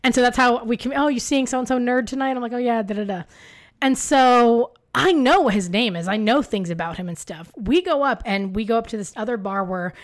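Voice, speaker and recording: Chatting casually as a podcast co-host, a woman recounts a story with lots of energy, loads of filler words and free-flowing profanity. She speaks briskly in a fairly high voice.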